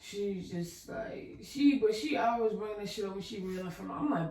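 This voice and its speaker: A woman's voice: medium pitch, normal speed. Young female co-host from South Carolina, heated profane rant, distant echoey recording. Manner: heated, profane, animated ranting. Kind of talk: casual chat. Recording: echoey room, off-mic.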